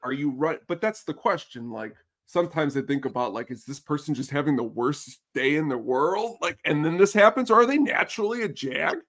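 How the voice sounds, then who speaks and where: Middle-aged male guest, higher-pitched, lively anecdote teller who voices his characters. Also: fairly quick, few pauses. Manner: animated storyteller who acts out the people he quotes. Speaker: podcast guest. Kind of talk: casual podcast chat.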